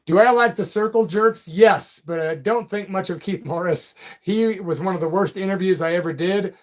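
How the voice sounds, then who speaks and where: A man from Peoria, Illinois, who hosts livestreams and radio, speaks at normal speed in a voice that sits high. In a casual live chat, he reads out viewer comments in a loose, friendly way, calling people "brother" and "man."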